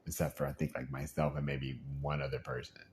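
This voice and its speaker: Very deep-voiced man venting. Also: a little fast, creaky, a little hiss or hum. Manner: animated, acts out quoted voices, frequent laughs; rambling, frustrated. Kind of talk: casual venting monologue.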